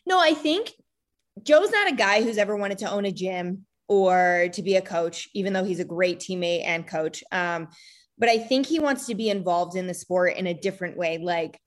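Woman, 30s, interview guest; chatty, filler-heavy, medium pitch. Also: expressive, moderate pace. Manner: chatty, many fillers, acts out quoted lines. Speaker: guest, wife of a retired fighter. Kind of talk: casual interview talk.

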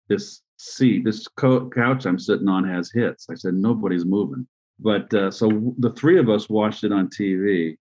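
A man's voice: deep voice, darkish tone. Older man telling baseball stories, lo-fi. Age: 60s. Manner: rambling, anecdotal, frequent restarts and pauses. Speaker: interview guest, former baseball player and manager. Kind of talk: conversational storytelling.

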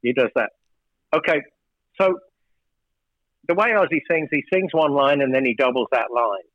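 A man's voice: mid-range voice, normal speed, dry recording, muffled recording. A record producer telling studio stories in an interview, acting out the exchanges as he goes. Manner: animated storyteller, acts out studio exchanges. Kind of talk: storytelling interview.

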